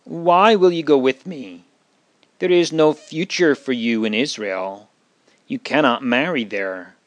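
A man's voice: mid-range voice, measured pace, dry recording, close to an everyday voice. A man voicing a grieving elderly widow, earnest and pleading, in a read-aloud Bible story.

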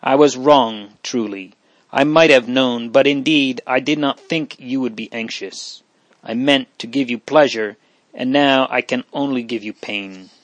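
A man's voice: medium pitch, unhurried, no room sound, close to an everyday voice, low-quality recording. A man voicing a haughty but remorseful young countess, speaking earnestly. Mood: pleading. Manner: pleading, earnest.

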